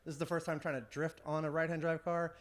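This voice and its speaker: A man's voice: a little high, level tone, fast. A man, a pro drift driver, talking enthusiastically in laid-back slang at a racetrack. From United States. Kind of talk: casual interview. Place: outdoors at a racetrack.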